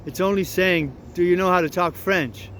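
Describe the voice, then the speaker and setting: A man's voice: high voice, moderate pace, fairly bright tone, a little hiss or hum. A man reading an audiobook, voicing a clever young runaway boy who explains things patiently in plain dialect. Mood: explaining.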